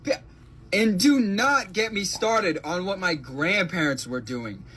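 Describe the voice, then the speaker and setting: A man's voice: high voice, expressive, unhurried, pushed and bright, breathy edge. A man ranting to camera in an exasperated, sarcastic way, swearing as he goes. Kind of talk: frustrated rant to camera.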